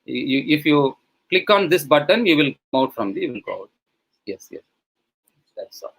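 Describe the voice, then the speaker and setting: A man's voice: a little high, big pitch swings, normal speed, vocal fry, a bit bright, low-quality recording. A man with an Indian English accent, a professor walking through an online teaching tool on a live video call, with many fillers and restarts. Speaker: webinar resource person, professor. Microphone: computer mic on a video call.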